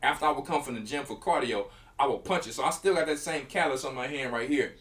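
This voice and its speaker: A man's voice: medium pitch, quick pace. A middle-aged man, telling a story in casual talk and acting out the quotes and punches. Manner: animated, acts out quotes and punches with sound effects. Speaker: church elder.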